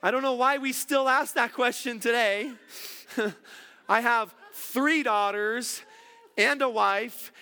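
A man's voice: extremely high pitch, bright, forceful tone. A middle-aged man preaching a sermon, earnest and repeating words for emphasis. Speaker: pastor.

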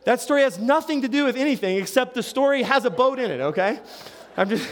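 A man's voice: very high-pitched, lively intonation, fast talker. A middle-aged male pastor giving a sermon in a conversational, storytelling way, with frequent asides and restarts.

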